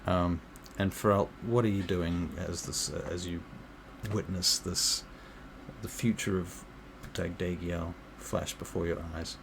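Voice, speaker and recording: A man narrating a tabletop game as game master, relaxed and full of fillers. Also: deep voice, a little slow, gravelly, background noise.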